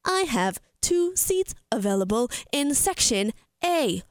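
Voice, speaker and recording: Robotic ticket-line voice , done by a woman, flat and measured, crisp and dry. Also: high-pitched, dry recording, exaggerated voice. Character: female automated phone ticketing voice.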